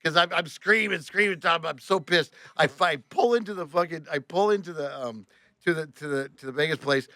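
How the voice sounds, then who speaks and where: A man with a fairly high, bright and forceful voice spins a story on a podcast about his work as a tour bus driver. He swears freely, keeps the tale lively and plays out every line of the exchange himself. The sound is dry and close. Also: brisk, no room sound. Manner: animated, profane, reenacts dialogue with "I go, he goes".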